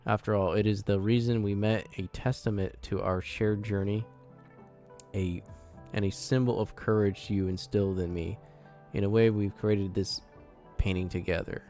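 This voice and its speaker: A man's voice: on the low side, mellow, lightly acted. A man reading aloud the lines of an earnest young woman character from a game, in his own voice.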